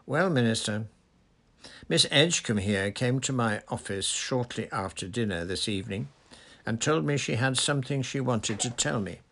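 Man putting on a sugary prim lady official, simpering with a nasty edge, bit gravelly. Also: medium pitch, expressive, normal speed, a bit bright, full character voice. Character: sickly-sweet, cruel middle-aged woman official.

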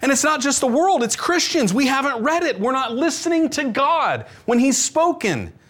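A man preaching a conversational sermon as a pastor, animated and full of rhetorical questions. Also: very high-pitched, normal speed.

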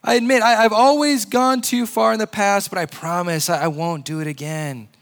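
Preacher doing a high, loud, wheedling lizard creature in a storytelling sermon. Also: male voice, steady tone, normal speed. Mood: pleading. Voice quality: high, frantic, chattering.

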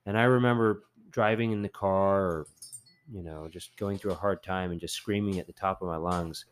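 Low-voiced man hosting a casual podcast. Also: fairly even intonation, moderate pace, clean tone. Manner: conversational, rambling, with fillers. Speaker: podcast host. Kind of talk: casual Bible study chat.

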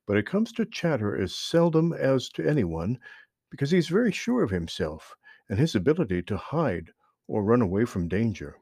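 A man reading a children's animal story aloud in an expressive storytelling voice. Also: mid-range voice, moderate pace, breathy edge, dry recording, clean studio sound.

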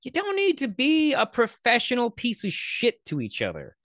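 A man's voice: extremely high pitch, huge pitch swings, moderate pace, a bit bright, dry recording, clean studio sound. A man hosting a casual reaction commentary, rambling and sarcastic with lots of swearing. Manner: profane, rambling, sarcastic asides. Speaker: commentary host.

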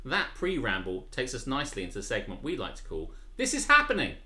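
A man's voice: mid-range voice, wildly swooping pitch, fast, pushed and bright, roomy sound. A man with a refined southern English accent co-hosting a live stream from home, chatting playfully and reading the chat. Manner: playful, bursts into laughter, reads the chat. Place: home room.

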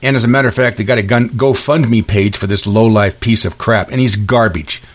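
A man's voice: on the low side, brisk. Man ranting on a solo podcast. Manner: angry ranting monologue with frequent restarts. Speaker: podcast host.

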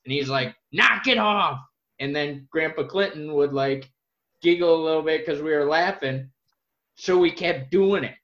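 A man co-hosting a podcast, telling family stories quickly and laughing along. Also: fairly high pitch, fairly even intonation, reverberant. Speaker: podcast co-host. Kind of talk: casual storytelling. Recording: dull lo-fi sound.

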